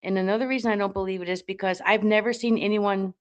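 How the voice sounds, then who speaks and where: A woman's voice: mid-range voice, fairly even intonation, quick pace. A woman who is a paranormal investigator, talking bluntly in a casual chat, swearing and restarting her sentences.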